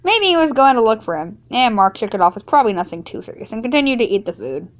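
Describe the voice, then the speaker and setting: A woman's voice: fairly high pitch, sing-song, quick pace, lo-fi sound. A woman reading a fan fiction story aloud, shifting her voice slightly for each character. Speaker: narrator.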